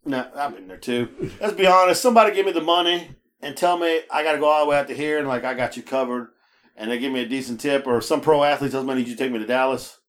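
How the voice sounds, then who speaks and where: Fast-talking and mid-range in pitch, a male podcast co-host chats casually about his rideshare-driving experiences. He's an animated storyteller who laughs often and acts out the voices of the people involved.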